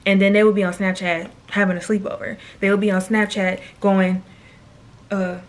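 A storytime vlogger, a woman in her twenties, speaks to camera with a medium-pitched, flat, slightly fast voice. She tells a personal story in a chatty, slangy style and often turns aside to talk to viewers.

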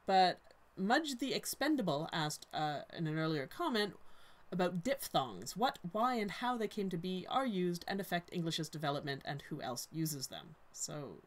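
A woman's voice: fairly low pitch, lively intonation, moderate pace. A woman co-hosting a live stream, reading out viewer questions with a playful, dry humor. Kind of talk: casual live-stream chat.

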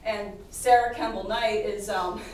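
A woman's voice: mid-range voice, fairly even intonation, unhurried, darkish tone. Echoey, distant woman presenting history. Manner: chatty, laughs often, many fillers and restarts. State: losing her voice. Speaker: podcast host and presenter. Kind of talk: live presentation talk. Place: historic house presentation room. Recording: very echoey room, distant mic, faint noise.

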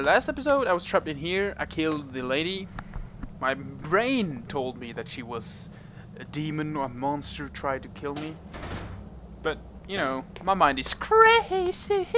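A man's voice: fairly high pitch, fairly bright tone, a little hiss or hum. A man giving casual, goofy gameplay commentary, joking and laughing at his own jokes. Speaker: let's play gamer.

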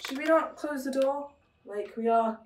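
A woman playing a VR game who chats to herself in an excitable way, with many exclamations, recorded from a distance in an echoey room. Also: high voice, moderate pace, a little hiss or hum. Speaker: gamer streamer.

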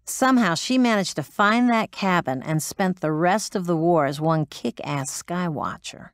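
A woman gives an expressive, lightly acted performance as an interviewee, a hardened former military pilot who is blunt, profane and defensive under pressure. Her voice sits low for a woman, at normal speed, recorded dry and close for an audiobook drama with no echo.

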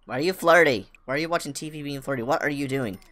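A woman streaming a farming game, chatting casually with viewers and cooing excitedly at her animals. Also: quick pace. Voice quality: low voice that jumps high with excitement. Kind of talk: casual gameplay chat.

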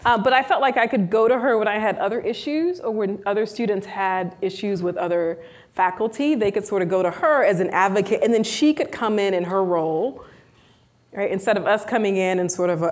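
A woman professor speaking on a live panel, an animated storyteller who keeps checking in with "right?". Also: mid-range voice. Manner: animated storyteller who acts out quoted dialogue; frequent rhetorical "right?" tags.

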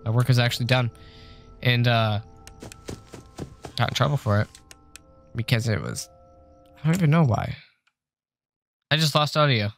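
A man's voice: medium pitch, animated, normal speed, creaky, pauses often, soft background music. Young man streaming, joking and swearing. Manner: joking, chatty, swears a lot, gets jumpy when scared. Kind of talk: casual livestream chat while gaming. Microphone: desk microphone.

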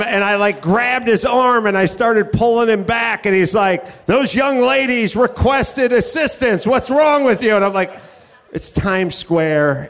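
Male host, high register, live stand-up energy, rambling and profane. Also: a bit bright. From California. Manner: rambling, profane, riffing storyteller. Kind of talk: live comedic monologue. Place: comedy club stage.

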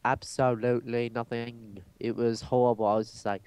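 A man's voice: mid-range voice, little pitch movement, moderate pace, darkish tone, smooth, no echo. A teenage boy with an American accent, rambling and joking in a hyper, casual gaming chat. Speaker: gamer.

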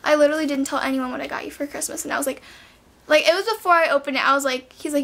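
Bubbly teen girl vlogger, high voice. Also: rapid-fire, vocal fry, fairly bright tone. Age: teens. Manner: bubbly, says "like" and "literally" a lot. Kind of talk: casual haul vlog.

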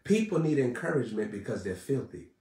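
Man preaching live, fiery and repetitive, rising to shouts; echoey room, off-mic. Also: mid-range voice, big pitch swings, fairly quick, recorded from a distance. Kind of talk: live-streamed sermon.

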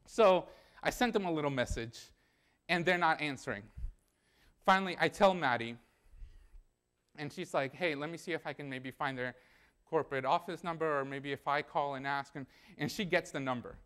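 A man's voice: fairly high pitch, normal speed, a bit bright, smooth. A young man preaching a sermon in a church, telling a personal story in a conversational way and acting out the dialogue.

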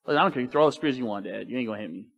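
A pastor playing a defiant young prince. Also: male voice, mid-range voice, animated, racing, vocal fry, a bit bright, lo-fi sound.

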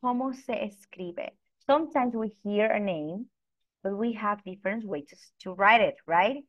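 A woman teaching an online language class, speaking slowly and patiently and spelling words out letter by letter. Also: mid-range voice. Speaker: Spanish teacher. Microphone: video call. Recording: dull lo-fi video call audio.

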